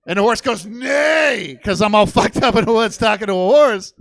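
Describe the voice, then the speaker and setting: A man's voice: sits high, fast, gravelly, no echo. A young man doing stand-up on a comedy theater stage, telling a rambling, profane story with lots of energy.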